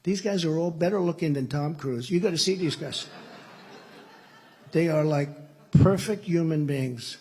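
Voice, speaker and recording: Gravelly older American man at a rally. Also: fairly high pitch, measured pace, long pauses, a little mellow. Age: 70s. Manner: rambling, repetitive, boastful asides. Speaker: keynote speaker at a political party meeting. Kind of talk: political rally speech, anecdotal storytelling. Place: indoor event venue.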